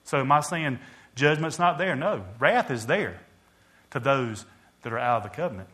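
A preacher delivering a sermon, swelling loud and dropping quiet, calling out to the congregation. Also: male voice, medium pitch, animated, moderate pace.

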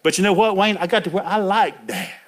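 A man's voice: high-pitched, fairly quick. Folksy preacher man, chuckling. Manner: chatty, laughing, calls out to listeners by name. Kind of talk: folksy sermon.

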